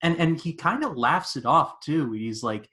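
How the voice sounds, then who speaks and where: A man's voice: fairly high pitch, moderate pace. A man in his twenties hosting a podcast, chatting casually and animatedly about movies with plenty of "like". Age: 20s. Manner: animated storyteller, lots of "like". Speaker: podcast host. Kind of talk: casual movie review chat.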